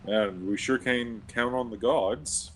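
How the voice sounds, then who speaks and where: A man's voice: medium pitch, takes it slowly, fairly bright tone, slight background noise. A man playing a tabletop game over an online call, hesitant, stammering and repeating words. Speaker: player. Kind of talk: casual tabletop game chat. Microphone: own microphone over an online call.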